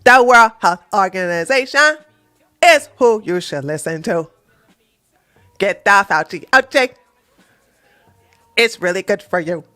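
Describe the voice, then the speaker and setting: Mock robot announcer, a woman's put-on, formal and stiff, slow delivery. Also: mid-range voice, lively intonation, pushed and bright, soft background music. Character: stiff announcer robot reciting official advice.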